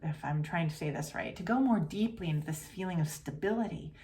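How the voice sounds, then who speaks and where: A woman hosting a podcast, talking earnestly and casually about feelings, sometimes dropping into a soft whisper. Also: lowish voice, brisk. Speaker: podcast host and coach. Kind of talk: reflective podcast monologue. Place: home.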